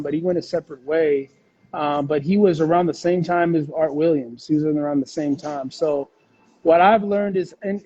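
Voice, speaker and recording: A man's voice: a little high, mellow, husky, lo-fi sound. A man talking as an interview guest, rambling with fillers and restarts in casual conversation. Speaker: podcast guest.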